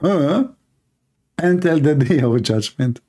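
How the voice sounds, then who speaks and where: A man's voice: a little high, lively intonation, slow, warm tone. A man hosting a live stream, delivering a sarcastic, mocking monologue in nonstandard English grammar. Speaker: host of a live religious debate stream.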